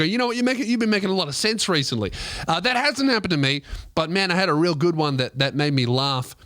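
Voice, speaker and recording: A man host telling a comic story in a rambling, profane way, breaking into loud put-on voices. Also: high-pitched, no room sound, studio quality. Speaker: comedian host. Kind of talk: stand-up style storytelling.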